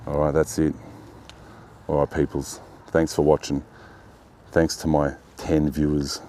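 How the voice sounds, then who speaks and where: A man's voice: a bass voice, little pitch movement, unhurried, long pauses, mellow, slight background noise. A man, chatting casually to the camera as he parks his car and films it, self-deprecating and talking to himself. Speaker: car vlogger. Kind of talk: casual vlog narration. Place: in a parked car, then outside beside it. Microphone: handheld camera.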